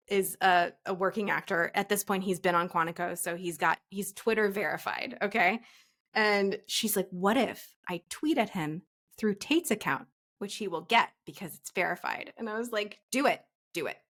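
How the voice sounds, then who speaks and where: A woman in her forties spins a breathless story as a podcast guest, her voice leaping up high whenever she acts out a quoted line. Her pitch sits in a middle range, and she talks in a quick, casual way with a laugh now and then. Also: a bit bright. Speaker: casting director, podcast guest. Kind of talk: animated anecdote telling.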